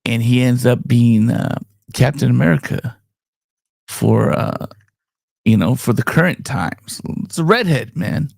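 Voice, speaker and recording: A man's voice: medium pitch, a little slow, gravelly, a little mellow, no room sound, clean studio sound. A man co-hosting a casual comics chat, rambling with lots of fillers and frequent laughs. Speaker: podcast co-host.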